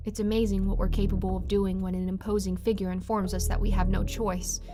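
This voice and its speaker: Woman reading a horror story with steady dramatic delivery, faint music under it. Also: medium pitch, fairly quick, few pauses.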